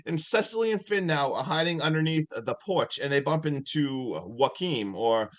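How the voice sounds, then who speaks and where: A man co-hosting a podcast, recapping a movie plot in a casual, animated way. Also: fairly high pitch, normal speed. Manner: animated storytelling, laughing often. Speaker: podcast co-host.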